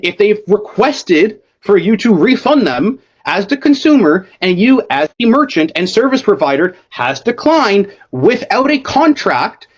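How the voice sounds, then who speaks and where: A young man coaching a sales rep over a call, blunt and swearing constantly. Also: high-pitched. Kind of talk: profane casual coaching call. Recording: dull lo-fi call audio.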